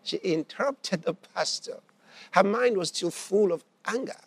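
A man's voice: high-pitched, unhurried, slightly rough, no echo. A man preaching a sermon and telling a story, emphatic, repeating key phrases and putting questions to his listeners. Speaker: pastor.

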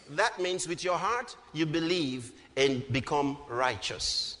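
A man preaches with a high, bright voice and fervent energy, often rising to a shout and stretching out his words. His voice rings with a long reverb, as in a church hall. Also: very animated, slow pace, hardly any pauses. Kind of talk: sermon.

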